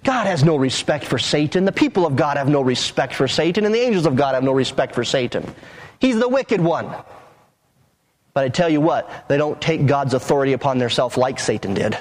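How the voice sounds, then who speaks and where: A male pastor preaching a sermon emphatically, slowing and dropping low on key phrases, with occasional restarts. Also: animated. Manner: emphatic, with dramatic drops in pitch and occasional restarts.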